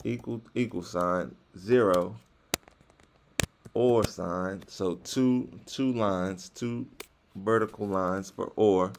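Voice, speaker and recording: A man with a lowish, gravelly voice walks through code one step at a time in an unhurried, very slow delivery. He keeps it casual and encouraging, talking to his viewers as if they were sitting beside him. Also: slight background noise. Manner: dictates code step by step, relaxed and encouraging, says "y'all". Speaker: coding tutorial host. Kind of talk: casual screen-recorded coding walkthrough.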